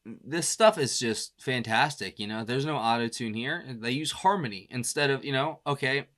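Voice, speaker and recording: A man hosting a reaction video chats in an easygoing, rambling way, dropping fillers and quick laughs. His voice sits at a middling pitch with a bright, pushed tone. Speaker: music reaction host. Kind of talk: casual reaction commentary.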